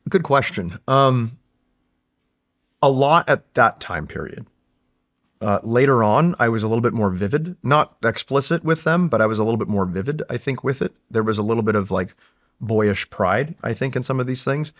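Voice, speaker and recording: A man from California, a Marine veteran, tells war stories in a casual interview with animated, profane energy. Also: medium pitch, normal speed.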